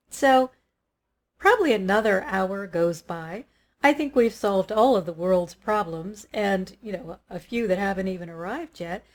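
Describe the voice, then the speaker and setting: A woman telling a personal story in a lively way, acting out what she and others said. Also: medium pitch, measured pace. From Los Angeles area. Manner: animated, acts out her own quotes. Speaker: spiritual teacher.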